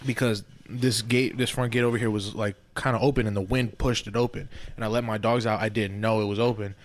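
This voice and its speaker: A man co-hosting a podcast, telling a long story in a casual, animated and profane way, often asking "you feel me". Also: lowish voice, fairly quick. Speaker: podcast co-host. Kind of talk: casual storytelling among friends.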